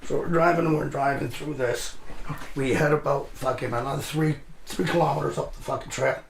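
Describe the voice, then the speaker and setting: A man's voice: a little high, fairly even intonation, brisk, gravelly, roomy sound, a little hiss or hum. A man telling a rambling military story in casual chat, swearing constantly and acting out the voices of the people in it. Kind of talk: casual profane war storytelling. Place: live show room.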